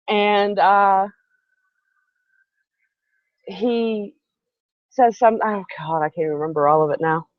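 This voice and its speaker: This home live-stream host speaks slowly in a mid-range, fairly even voice, pausing often as she rambles through a long tale. She frequently breaks off for asides, and the audio is dull, dry, and without echo.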